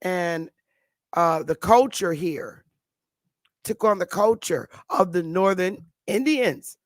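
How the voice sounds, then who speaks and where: A woman's voice: lowish voice, slow pace, dry recording. A woman in her fifties from the northern United States, talking to her YouTube audience in a rambling, unscripted monologue full of restarts and fillers. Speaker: YouTube commentator. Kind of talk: casual monologue.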